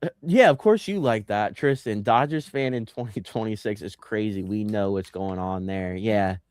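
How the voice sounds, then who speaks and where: Lively male sports podcast co-host. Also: fairly low pitch, normal speed, clear, resonant tone, no echo. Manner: animated, jokey, reads out live comments. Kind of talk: casual sports podcast chat.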